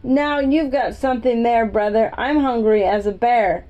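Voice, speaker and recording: A woman's voice: a little high, normal speed, mellow, lo-fi sound, lightly acted. A woman reading a children's book aloud, voicing an eager, cheeky young boy in a slightly raised voice.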